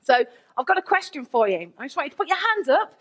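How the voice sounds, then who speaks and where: A woman, a teacher giving a candid, lively conference keynote with asides to the audience. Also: high-pitched, fast. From England, Nottingham.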